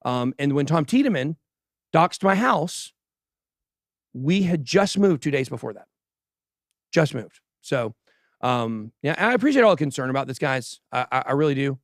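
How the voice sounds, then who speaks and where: A man's voice: medium pitch, expressive, normal speed, no room sound, studio quality. A man hosting a crypto livestream, chatting casually and bantering boastfully with his crew and the chat. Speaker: host of a crypto news livestream.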